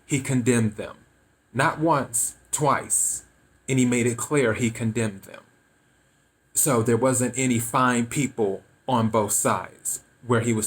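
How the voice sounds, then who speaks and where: A man's voice: medium pitch, poor audio. A man hosting his own podcast, just woken up and giving casual, opinionated political commentary. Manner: relaxed, freshly woken, opinionated. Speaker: podcast host.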